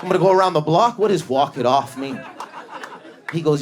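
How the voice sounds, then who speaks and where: A Canadian man doing stand-up, telling animated stories and bursting into shouted impressions of other people. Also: on the high side, fairly quick. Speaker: stand-up comedian. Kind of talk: stand-up routine. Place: comedy club stage before a live audience. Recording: live club with loud crowd laughter. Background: audience laughter.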